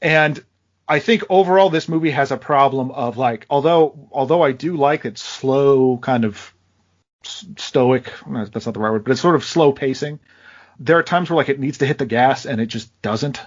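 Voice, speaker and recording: Male podcast co-host, halting mild critic, medium voice, slightly muffled recording. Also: mid-range voice. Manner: hesitant, searching for words, mildly critical. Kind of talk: casual movie review chat.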